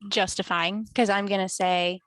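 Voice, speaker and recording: A woman's voice: medium pitch, level tone, moderate pace, fairly bright tone. Blunt woman on a call. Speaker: coaching participant.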